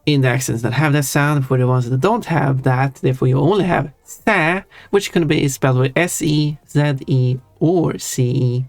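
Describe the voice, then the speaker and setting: With a steady tone and a moderate pace, this Swedish-accented streamer chats and explains with few pauses, backtracking and rephrasing along the way. The middle-pitched voice sounds dry and close with no echo, and quiet music plays in the background.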